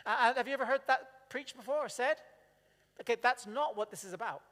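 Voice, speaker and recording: A man's voice: very high-pitched, brisk, bright, forceful tone. A man preaches to his congregation in an easy, chatty way. He keeps asking them questions and acting out little quotes. His voice rings with the long reverb of a church hall. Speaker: pastor. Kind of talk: sermon.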